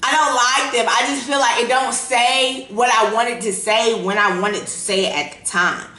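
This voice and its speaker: A woman in her thirties with a bright, sharp voice, talking off the cuff in a profane and animated way and laughing through her own stories. Her voice rings in an echoey room. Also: a little high, normal speed. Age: 30s. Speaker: podcast host. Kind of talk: casual unfiltered monologue.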